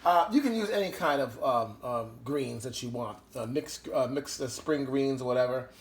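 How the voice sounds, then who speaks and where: A man's voice: medium pitch, normal speed, reverberant. A man hosting a casual home cooking show, talking chattily and enthusiastically with lots of fillers as he works in his kitchen.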